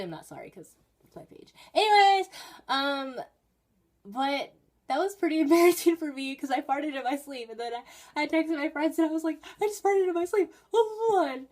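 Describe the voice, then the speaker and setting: Vlogging from her bedroom, a teen girl spins casual stories in a rambling way, punctuated by excited emphasis. Her voice sits on the higher side.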